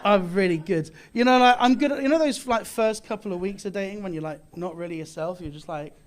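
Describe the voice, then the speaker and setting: A British man with a high-sitting voice and a slightly quick pace performs stand-up before a live comedy club audience. His delivery mixes boastful mock bravado with self-mockery, and the audience laughter of the live room is audible.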